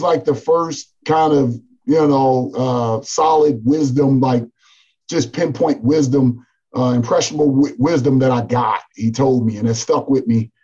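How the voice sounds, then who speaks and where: Coach guy chatting on a podcast, husky voice, says man and like a lot, kinda muffled sound. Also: mid-range voice. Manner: animated storytelling, frequent "man" and "like". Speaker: college basketball coach. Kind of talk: casual podcast conversation.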